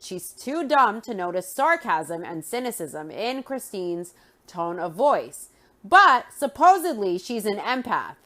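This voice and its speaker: A woman's voice: mid-range voice, a bit bright. A woman recapping a reality show, opinionated and sarcastic in her commentary.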